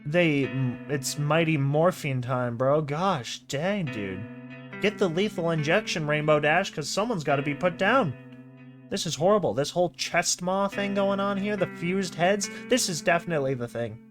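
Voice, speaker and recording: A man's voice: fairly high pitch, expressive, normal speed. Man reading and reacting, music beneath. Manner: chatty, exclaiming, mocking asides. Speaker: narrator and reactor. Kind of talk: casual reading and reacting to a horror comic.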